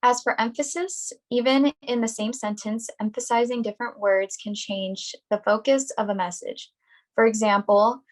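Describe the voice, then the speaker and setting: A young woman on a video call reading a prepared workshop presentation in a clear, deliberate, instructional way. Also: on the high side, fairly even intonation, rough recording.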